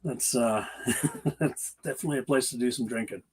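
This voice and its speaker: A man's voice: mid-range voice, normal speed, husky, low-quality recording. A man from the Isle of Man, a podcast guest chatting casually with a dry, wry humor. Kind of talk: casual chat.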